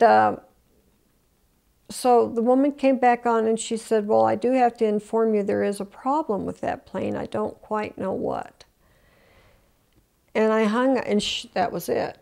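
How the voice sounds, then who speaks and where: With a gravelly, darkish, medium-pitched voice, an older woman gives an oral history interview. She retells her story with emotion, frequently starting over and performing the voices of those she quotes.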